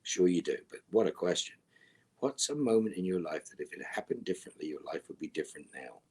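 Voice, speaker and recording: A middle-aged man with a very deep, husky voice answers fan questions over a video call. His humor is dry and wry, and his remarks often sink into soft, half-mumbled asides. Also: expressive, fast. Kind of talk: virtual fan Q&A panel.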